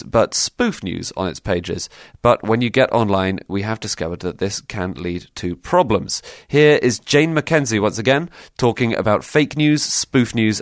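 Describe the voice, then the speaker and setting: A man hosts a chatty podcast. His voice sits fairly low and sounds close and dry, with no room around it. He delivers points with a wry, understated edge. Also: no room sound. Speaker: podcast presenter. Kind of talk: conversational podcast chat.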